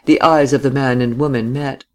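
A reader narrating a novel in a measured storytelling manner. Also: mid-range voice, fairly even intonation. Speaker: audiobook reader. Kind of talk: scripted narration.

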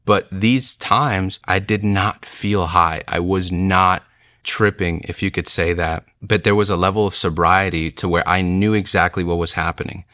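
A young man with a very low, bright-edged voice tells his faith testimony in an earnest, emotional, casual way. The recording is dry and close, with no room sound around him. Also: fairly even intonation, normal speed, no room sound. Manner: earnest, emotional, many "like" and "you know" fillers. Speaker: speaker sharing a conversion testimony. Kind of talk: personal testimony storytelling.

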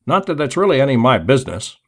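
A man's voice: mid-range voice, sing-song, very fast, voice pushed up. A man voicing a haggard, cringing opium-joint keeper who talks in a hesitant, wheedling way.

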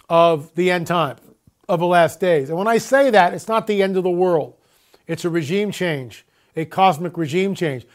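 A high-pitched man hosts his own video report, delivering an emphatic commentary monologue. He fires off rhetorical questions and repeats catchphrases, stretching them out slowly.

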